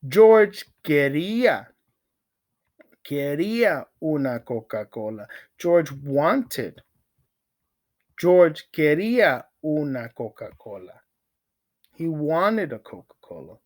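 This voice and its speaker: A man teaching a language lesson through a simple story, repeating phrases, counting out pauses and breaking into dramatic exclamations. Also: on the high side, sing-song, a little mellow. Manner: slow, repetitive drilling with counted pauses; dramatic exclamations between asides. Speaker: Spanish teacher.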